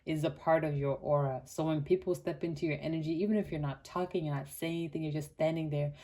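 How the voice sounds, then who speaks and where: Low-voiced woman giving a chatty tarot reading. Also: quick pace. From Botswana. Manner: chatty and animated, many "like" fillers, laughs often. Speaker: tarot card reader. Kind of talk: casual pick-a-card tarot reading.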